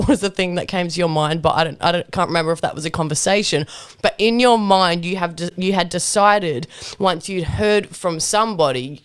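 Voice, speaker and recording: A woman's voice: on the low side, smooth, no room sound. Laughing woman podcast host telling stories. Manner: animated, laughs often, acts out quoted lines. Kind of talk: casual storytelling.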